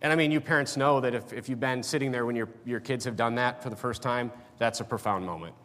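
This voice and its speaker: A middle-aged man from North Dakota preaching a sermon, personal and conversational, often pausing on fillers and restarting his sentences. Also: medium pitch, fairly bright tone. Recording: long reverb of a church hall.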